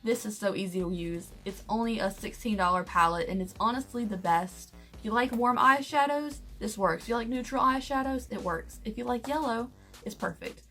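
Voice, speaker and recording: A woman's voice: a little high, moderate pace, fairly bright tone. Young woman, candid and chatty, casual beauty review; faint music under her. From United States. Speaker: beauty vlogger.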